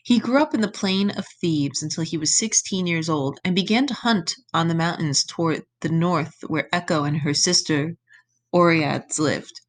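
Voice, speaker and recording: A young woman with a somewhat low-pitched voice talks a class through a myth she is reading. Her manner is relaxed and conversational, stopping often to explain words in everyday terms. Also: moderate pace. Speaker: teacher. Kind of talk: reading lesson, thinking aloud over a text.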